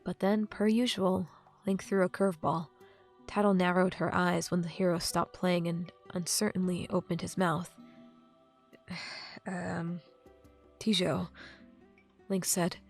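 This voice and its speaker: A woman's voice: fairly low pitch, flat delivery, a little slow, darkish tone, soft background music. A woman narrating a fantasy novel as an audiobook reader.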